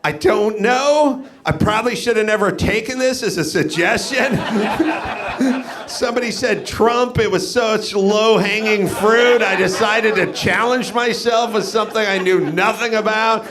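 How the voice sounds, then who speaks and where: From a comedy club stage, a man hosts a live comedy podcast, rambling through incredulous rhetorical questions in a stand-up style riff. His voice is high-pitched and measured in pace, with crowd noise around him.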